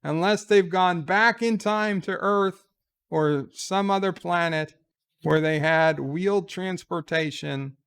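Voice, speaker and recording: A man's voice: high-pitched, takes it slowly, fairly bright tone, clear, resonant tone. A man giving casual reaction commentary on a trailer, sarcastic and exasperated as he gripes. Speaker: trailer reviewer.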